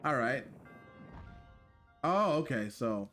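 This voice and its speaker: A man streaming a game live, talking to his chat in a jokey, excitable way and repeating himself when flustered. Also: medium pitch, slow pace, soft background music. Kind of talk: live gameplay commentary.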